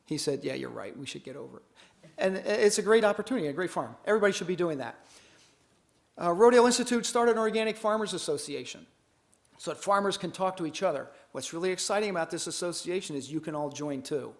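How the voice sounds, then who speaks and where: A man's voice: high-pitched, fast. A man giving a conference keynote in a folksy, storytelling way, acting out the dialogue of the people in his stories. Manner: folksy, animated, acts out dialogue. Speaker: keynote speaker.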